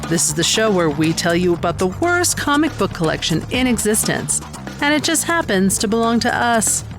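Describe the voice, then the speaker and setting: A woman's voice: mid-range voice, very animated, normal speed, music in the background. Woman co-hosting a casual podcast. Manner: laughing, playful banter. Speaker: podcast co-host. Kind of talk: casual chat.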